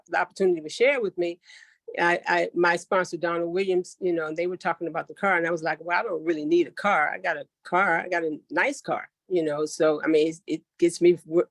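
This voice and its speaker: A woman's voice: lowish voice, no room sound, studio quality. Earnest woman sharing a heartfelt testimonial. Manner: earnest, heartfelt, many fillers. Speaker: network marketing member sharing her story. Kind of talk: emotional testimonial on a call.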